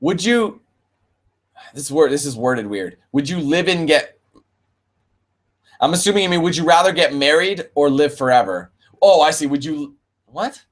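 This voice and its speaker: A young Canadian man with a Canadian accent chats through viewer questions on his gaming stream. His voice sits slightly high. He is laid-back and swears freely, calling people man and bro. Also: animated, normal speed, pauses often. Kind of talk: casual live-stream Q&A.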